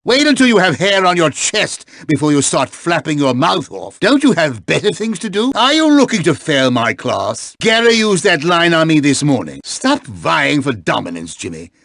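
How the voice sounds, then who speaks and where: Scornful schoolmaster. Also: male voice, fairly high pitch, sing-song, moderate pace, creaky, few pauses, a bit bright, no echo, studio quality, full character voice. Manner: scornful and scolding, cutting put-downs. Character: stern, sarcastic British man on a boarding school staff. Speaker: school staff member in a video game. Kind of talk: game voice acting.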